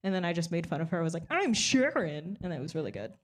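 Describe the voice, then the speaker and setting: A young woman performing a stand-up comedy set, deadpan and self-mocking, often breaking into little laughs. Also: fairly low pitch, very fast.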